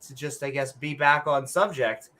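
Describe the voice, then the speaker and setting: A woman's voice: very deep voice, normal speed, fairly bright tone. A woman co-hosting a podcast, ranting bluntly and sarcastically in casual chat and swearing freely. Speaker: podcast co-host.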